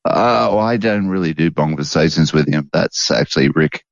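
A man's voice: very deep voice, moderate pace, vocal fry, dull audio, slight background noise. A man hosting a rambling, casual late-night chat at home, chuckling often. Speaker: podcast host.

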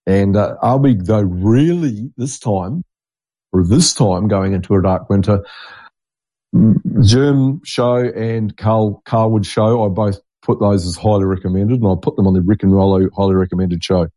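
A man's voice: fairly low pitch, steady tone, moderate pace, dark tone, no echo. A middle-aged man, a podcast host talking in a rambling, blunt, digressive monologue. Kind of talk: casual monologue.

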